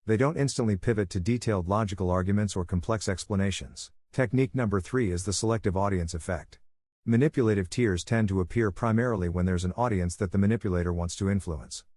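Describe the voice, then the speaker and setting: Male narrator, lowish voice, measured and instructive, close dry read for an explainer. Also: no room sound. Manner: even, measured, instructive delivery.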